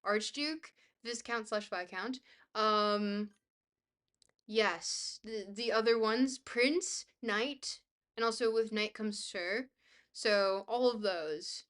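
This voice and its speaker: A Scottish woman streams live, reading out chat messages and thanking viewers in a bubbly, rambling way, often thanking chat and trailing off with filler words. Her medium-pitched voice is a bit bright, and she takes things slowly.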